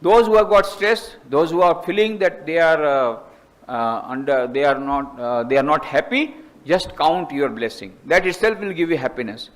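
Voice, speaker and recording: A man with an Indian accent, a monk giving a lecture, emphatic and repetitive, climbing high in pitch to stress his points. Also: normal speed.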